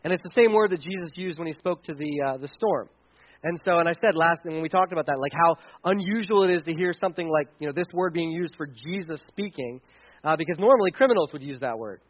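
A man with a rather high voice preaches a sermon in a loose, conversational way, often starting sentences over. The recording sounds dull and lo-fi. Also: fast talker. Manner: conversational preaching with frequent restarts and fillers. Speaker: pastor.

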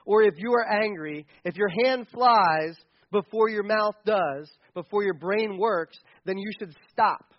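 A man's voice: high-pitched, moderate pace, muffled recording. A middle-aged man preaching a sermon to a congregation, earnest and emphatic, repeating key phrases. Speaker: pastor.

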